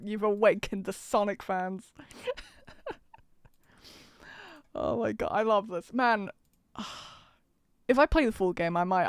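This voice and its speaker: A woman's voice: mid-range voice, no room sound, studio quality. A woman streaming a game, reading its text aloud and chatting in a giggly, self-deprecating way into a desk mic.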